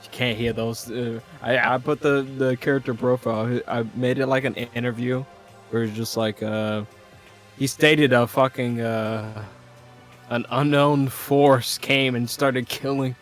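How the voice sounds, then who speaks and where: A man's voice: medium pitch, fairly even intonation, a little slow, faint music behind. A man running a tabletop roleplay as game master, explaining things in an amused, offhand way. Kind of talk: casual chat.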